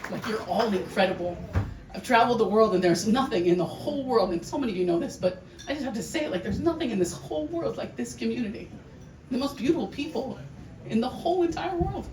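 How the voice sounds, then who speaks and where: A woman giving a heartfelt memorial speech for her uncle, emotional and halting, with restarts and laughs. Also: fairly high pitch, animated, a little mellow. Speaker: family member giving a eulogy. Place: large hall with an audience. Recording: echoey room, distant mic, noisy.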